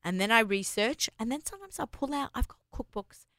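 A woman co-hosting a casual chat about writing her cookbook, telling stories in an animated way with many restarts. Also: on the high side, fairly quick, dry recording, clean studio sound. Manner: chatty, animated storytelling with restarts. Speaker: cookbook author and co-host.

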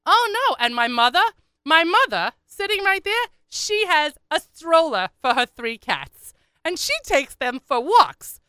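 Brief: woman impersonates a ranting forties daughter, shrill and nagging, bright and pushy. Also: big pitch swings, measured pace, dry recording, studio quality, heavily acted. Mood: exasperated. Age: 40s. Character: loud exasperated middle-aged daughter ranting at her mother.

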